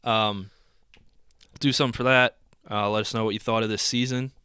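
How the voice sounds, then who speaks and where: A man's voice: on the low side, normal speed, smooth, dry recording. A man co-hosting a podcast, chatting casually with lots of fillers. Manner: relaxed, filler-heavy. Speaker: podcast co-host. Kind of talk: casual chat.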